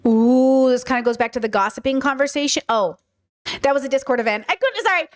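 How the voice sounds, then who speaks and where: A woman podcast host chatting casually, acting out quoted exchanges with animated energy. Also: high voice, fairly quick. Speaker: podcast host reacting to a video. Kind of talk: casual chat.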